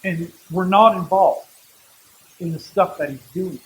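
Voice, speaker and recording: A middle-aged male pastor giving a sermon in a church, talking in a relaxed, conversational way with humorous asides. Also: sits high, a little slow, low-quality recording.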